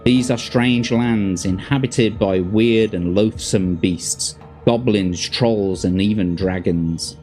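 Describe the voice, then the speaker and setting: A man's voice: on the low side, slow pace, few pauses, a little mellow, soft background music. Birmingham man reading a fantasy gamebook. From Birmingham, England. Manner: casual, stops to chat and correct himself. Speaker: host reading a gamebook on stream. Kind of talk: reading a fantasy gamebook aloud with chat asides.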